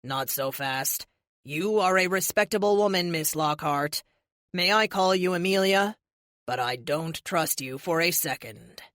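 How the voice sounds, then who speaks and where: Audiobook villain: woman reading a low, slow, polite male android, smug and measured. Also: a bit bright, no echo, clean studio sound. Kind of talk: audiobook character voice.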